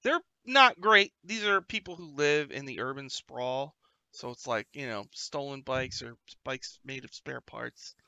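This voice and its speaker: Gravelly, bright-voiced game master. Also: male voice, medium pitch, dry recording. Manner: casual, halting, with many fillers. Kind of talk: running a tabletop game over voice chat. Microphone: online voice call.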